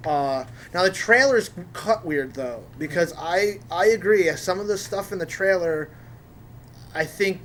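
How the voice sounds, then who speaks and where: A man hosting a casual chat about movies, animated and opinionated, swearing now and then. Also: high-pitched, a little slow, a little hiss or hum. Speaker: podcast host.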